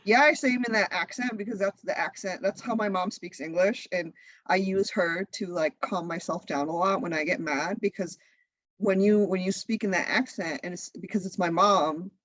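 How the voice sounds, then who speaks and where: A woman in her thirties, a guest chatting in a casual interview, lively and laughing often. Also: fairly low pitch, normal speed, no room sound, poor audio. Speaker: guest, content creator.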